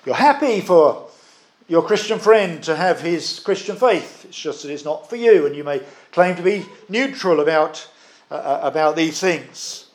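Earnest male preacher, higher-pitched voice, emphatic sermon delivery with deliberate pauses. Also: animated.

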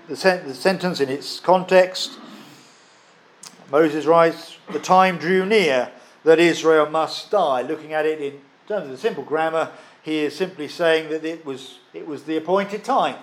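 A man preaching a sermon, emphatic, stressing and repeating key phrases with pauses. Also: on the high side.

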